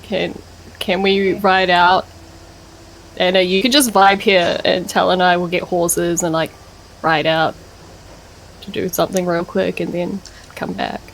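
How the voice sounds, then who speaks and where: A woman's voice: lowish voice, level tone, a little slow, creaky, pauses often, slight background noise, low-quality recording. A woman playing a tabletop game in a casual, blunt way. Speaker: player.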